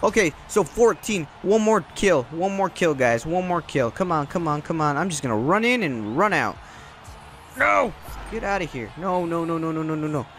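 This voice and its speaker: A young man hosting his gaming channel, giving excited gameplay commentary, yelping, laughing and repeating words as he plays. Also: a little high, brisk, hardly any pauses. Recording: faint game music behind.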